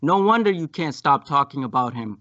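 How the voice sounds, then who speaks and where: A man's voice: a little high, animated, moderate pace, a bit bright, no echo. A man debating as a guest on a podcast, blunt and confrontational, with crude jabs. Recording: dull, dry lo-fi call audio.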